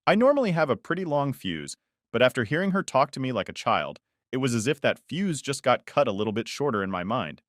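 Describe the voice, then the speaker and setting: A man narrating a first-person story from an online forum in a steady, even storytelling delivery. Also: medium pitch, brisk, no echo, clean studio sound. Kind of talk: reading a reddit story aloud.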